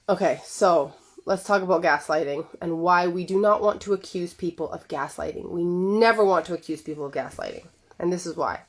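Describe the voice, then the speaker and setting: A woman speaking as a relationship coach in a relaxed, conversational way. Her voice sits at a medium pitch. Now and then she slips into quoted lines with lively shifts in voice. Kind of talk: direct-to-camera coaching talk.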